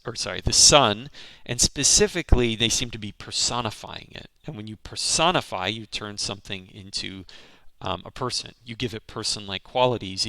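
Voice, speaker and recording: A man's voice: on the low side, gravelly, sharp tone, no echo. A man teaching a literature lesson, explaining a poem line by line in a thoughtful way, with frequent ums and restarts.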